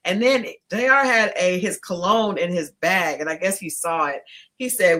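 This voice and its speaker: A woman with a bright, forceful voice co-hosts a relaxed podcast chat. She tells her stories with lots of energy, laughs often and acts out other people's lines. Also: on the low side, moderate pace. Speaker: podcast co-host. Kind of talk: casual storytelling chat.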